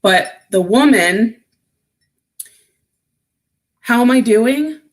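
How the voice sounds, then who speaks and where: A woman's voice: fairly high pitch, lively intonation, drawn-out words. A woman chatting casually on a livestream, reading out and answering viewer comments, getting emotional and close to tears. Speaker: vlogger.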